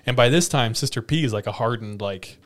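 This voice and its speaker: Male podcast host, mid-pitched, animated storyteller who laughs a lot and acts out quotes; casual chat. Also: fairly quick.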